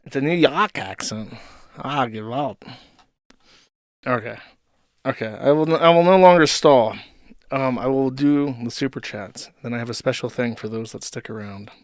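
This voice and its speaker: Brief: mid-pitched male stream host, profane and rambling, dry close-miked sound. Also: normal speed, no echo. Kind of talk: casual live-stream commentary.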